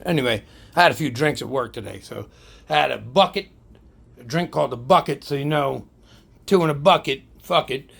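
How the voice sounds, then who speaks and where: Gravelly tipsy New man rambling. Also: medium pitch, fairly quick, fairly bright tone. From New Jersey. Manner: profane, rambling, joking, says "right?" often. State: tipsy from drinks. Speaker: RC car hobby vlogger. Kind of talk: casual tipsy chat to camera.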